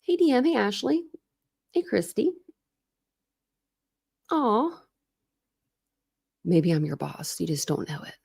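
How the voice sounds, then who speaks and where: A woman's voice: medium pitch, big pitch swings, takes it slowly, vocal fry, pauses often, darkish tone, breathy edge. A woman in her thirties hosting a true crime livestream, chatting casually, laughing and greeting viewers by name.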